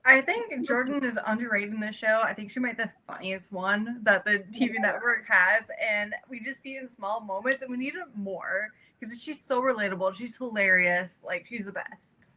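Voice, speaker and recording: Woman, co-host, casual chat, bright clear tone, short agreeable comments. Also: fairly high pitch, moderate pace, few pauses. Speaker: podcast co-host.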